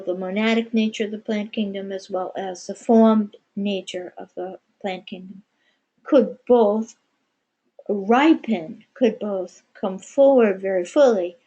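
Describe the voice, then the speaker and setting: A woman giving a spiritual channeling session, speaking as "we" in a measured way with many pauses. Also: medium pitch, warm tone, poor audio. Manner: measured, pausing often, speaks as "we". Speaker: channeler answering questions. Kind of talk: slow meditative spiritual channeling.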